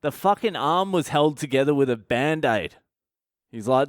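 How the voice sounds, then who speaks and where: Comedian host, middle-aged, smooth voice, dry close sound, swearing storyteller. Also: male voice, medium pitch, lively intonation, moderate pace, dry recording. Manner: profane, rambling anecdotal delivery. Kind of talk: storytelling monologue.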